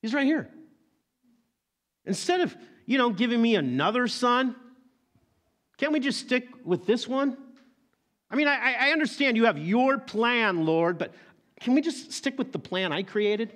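Man doing a pleading older man, higher voice. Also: expressive, unhurried, long pauses, fairly bright tone, exaggerated voice. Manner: bargaining, pleading. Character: older man pleading to keep his own plan.

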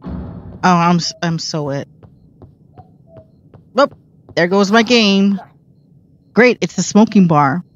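A woman's voice: on the low side, slow pace, long pauses, highs cut off. Chatty woman narrating her gameplay. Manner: chatty, self-mocking, reacts aloud to the game. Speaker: gameplay streamer. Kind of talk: casual let's-play commentary.

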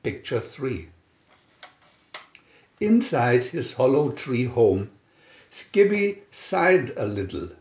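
A man reading a children's storybook aloud in a lively storytelling manner. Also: mid-range voice, slow pace, pauses often. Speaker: storybook reader. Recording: roomy, dull lo-fi home recording.

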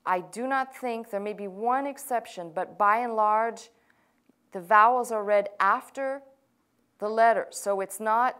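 A woman pastor teaching a language lesson in a patient, explanatory lecture style, pausing with frequent fillers while she writes on a board. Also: mid-range voice, fairly even intonation, fairly bright tone, clear, resonant tone. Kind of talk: classroom lecture.

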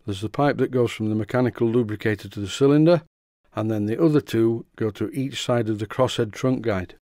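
Man, from northern England, low voice, dry close sound, methodical workshop voice-over. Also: fairly quick, no room sound. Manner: calm, methodical explaining. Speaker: model engineering channel host.

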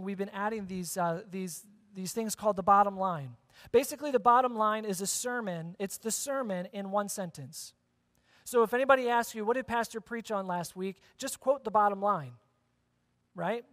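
A man's voice: high voice, fairly bright tone. A man preaching a sermon as pastor, talking conversationally, repeating key phrases and asking the congregation questions. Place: church sanctuary. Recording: long church hall reverb.

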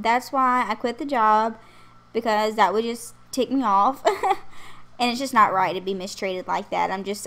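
A young pregnant woman hosting her channel, chatting casually in a rambling voice-over with frequent laughter. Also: mid-range voice. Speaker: channel host. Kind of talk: casual voice-over chat over a game build.

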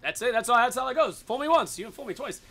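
A man giving excited, casual commentary on his own gameplay, swearing and yelling at the game. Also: extremely high pitch, fast, creaky. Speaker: gaming video host.

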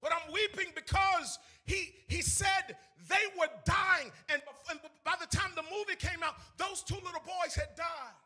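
Preacher guy, 30s, real high bright voice, sing-song sermon, shouting then going quiet n teary. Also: a little slow, hardly any pauses, faint music behind. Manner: swings from shouting to hushed, near-tearful speech. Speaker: evangelist preacher. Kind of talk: emotional sermon.

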